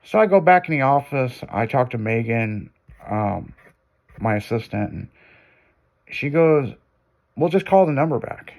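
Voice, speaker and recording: A man casually telling a long anecdote, profane and animated, acting out what people said. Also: medium pitch, measured pace, long pauses. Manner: profane, animated, acts out quotes. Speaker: guest storyteller. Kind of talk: casual storytelling.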